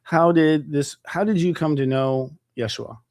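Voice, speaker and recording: A man hosting a casual spiritual interview, talking quickly and chattily with many filler words. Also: on the high side, a little mellow, no echo, studio quality. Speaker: host. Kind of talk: conversational interview.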